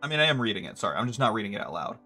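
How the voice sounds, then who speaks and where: A man giving sarcastic live commentary while playing a video game, breaking into loud, laughing reactions. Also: on the low side, big pitch swings, very fast, soft background music. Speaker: gaming streamer.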